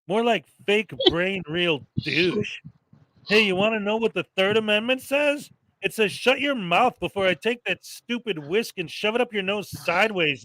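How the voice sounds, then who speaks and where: A man voicing a sassy, insulting Valley Girl woman with a drawn-out drawl. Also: sits high, pushed and bright, no echo.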